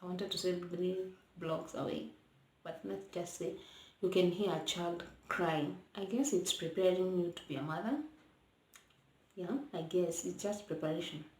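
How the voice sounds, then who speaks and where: A young Kenyan woman vlogging casually from her child's bedroom, chatting and mixing English with Swahili, sometimes hushing her voice so the baby sleeps. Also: fairly low pitch, moderate pace. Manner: hushed at times to let baby sleep. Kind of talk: casual storytime vlog. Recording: roomy echo, faint noise.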